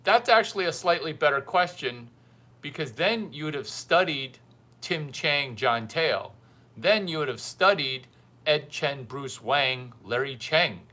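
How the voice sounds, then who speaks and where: Slow, bright-voiced teasing male host. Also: fairly high pitch, expressive. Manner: blunt, teasing, repeats lines for effect. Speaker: livestream mentor host. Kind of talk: casual livestream monologue.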